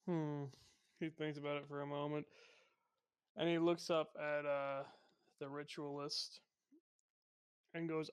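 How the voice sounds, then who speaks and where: A man's voice: on the high side, flat delivery, unhurried, long pauses, smooth. A man narrating a tabletop game as game master, casual and a bit crude.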